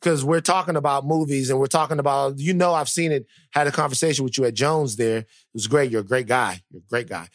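Animated man on a dry studio mic. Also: mid-range voice, fast, hardly any pauses, no room sound. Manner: animated storyteller, teasing, acts out quotes. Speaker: podcast co-host. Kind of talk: casual chat.

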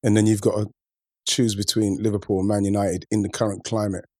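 A man's voice: on the low side, little pitch movement, brisk, mellow, slightly rough, no echo, studio quality. A man hosting a podcast, chatting loosely about football, repeating words and calling friends "bro". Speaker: podcast host. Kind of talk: casual football chat.

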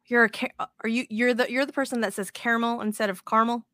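Bright-voiced excitable woman podcast host. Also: a little high, quick pace, no echo. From moved to Texas as an adult. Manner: excitable, rambling, swears. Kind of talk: casual chat.

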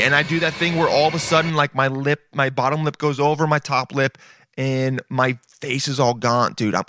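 Laid-back dude with music behind. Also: male voice, mid-range voice. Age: late 20s. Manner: laid-back, swears often, says "dude" constantly. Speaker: video reactor. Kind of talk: casual reaction commentary.

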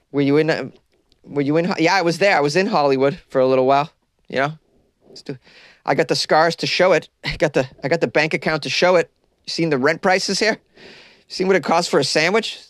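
A man's voice: fairly high pitch, no echo, studio quality. A young man hosting a comedy podcast from a closet, rambling loosely and mocking himself while caffeinated and stoned.

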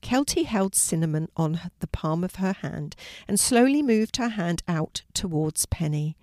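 An older woman gently reading a children's storybook aloud, her voice fairly low and clear. The sound is close and dry, with no room echo. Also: expressive, a little slow.

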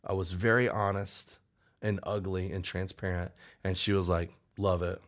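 A man with a very low voice tells a personal story in a casual interview. He rambles and restarts, quoting people as he goes. He sounds like a songwriter in his forties being open about his past. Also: level tone, normal speed. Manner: candid, rambling, with restarts and acted-out quotes. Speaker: songwriter guest.

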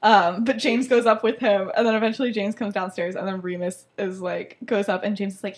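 A woman co-hosting a podcast retells a story in casual conversation, laughing often and peppering her speech with "like" and "um." Her voice is medium-pitched and moves at a normal speed, with a giggly manner throughout.

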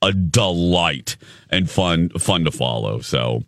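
A man hosting a morning radio show, telling stories in a casual, animated way and laughing often. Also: low-pitched, takes it slowly, dry recording, clean studio sound. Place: radio studio. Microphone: studio microphone.

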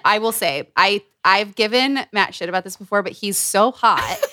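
A woman's voice: medium pitch, expressive, moderate pace, very noisy. A woman hosting a podcast, chatting casually about a book with guests, often laughing and retelling with animation. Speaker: podcast host. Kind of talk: casual book club chat.

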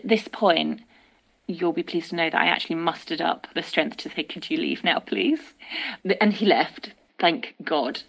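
A woman's voice: mid-range voice, vocal fry, dull audio. A woman sharing a dating story in a candid, self-deprecating way, acting out her own past lines. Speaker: listener sharing a dating dilemma.

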